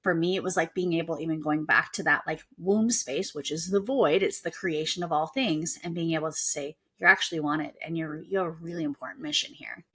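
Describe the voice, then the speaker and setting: Chatty woman podcast host. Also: husky. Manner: chatty, animated, acts out quoted voices in a high tone. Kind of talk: casual conversational interview. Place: at home, with children and a dog nearby.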